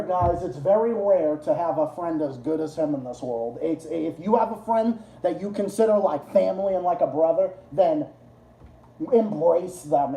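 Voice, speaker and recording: A man's voice: a little high, mellow. Profane rambling man streaming, echoey room. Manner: rambling, profane, laughs at own jokes. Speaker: livestream host. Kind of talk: casual livestream chat. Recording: roomy echo.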